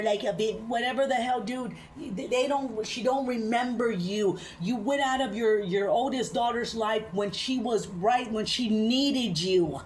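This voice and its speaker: A woman with a fairly high voice rants profanely in a reaction vlog. She is heated and blunt, and she takes sips of a drink between outbursts. A faint hum of ambient noise sits behind her. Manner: profane, fast-rising ranting; drinking beer while talking. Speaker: commentary vlogger.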